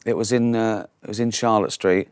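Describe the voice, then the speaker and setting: A man's voice: lowish voice, fairly quick, clear, resonant tone, no room sound. Guy in his 60s spinning stories, does little voices for people, dry close sound. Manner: animated anecdote-telling, acts out voices of others. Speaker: guest comedian. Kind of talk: casual chat, storytelling.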